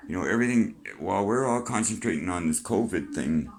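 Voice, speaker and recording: Older canadian guy, real low voice, chatty and rough-talking, rambling vlog. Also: lively intonation, fairly quick. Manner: chatty, swears, plain-spoken life advice. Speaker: vlogger. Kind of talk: rambling monologue.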